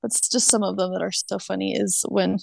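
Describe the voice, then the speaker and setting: A woman's voice: mid-range voice, flat delivery, fairly quick, creaky, darkish tone. A young woman chatting casually and enthusiastically, laughing often as she recaps. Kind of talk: casual chat.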